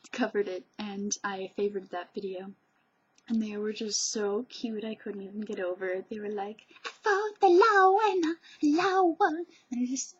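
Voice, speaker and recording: Breathy, unhurried woman vlogger. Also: medium pitch, darkish tone, dull audio. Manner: gushing, chatty, digressive. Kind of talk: rambling casual monologue.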